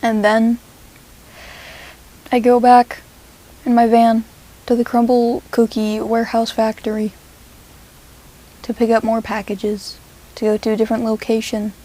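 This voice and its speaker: A woman telling a rambling, absurd comedic story in a deadpan way. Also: a little high, a little slow, long pauses, poor audio.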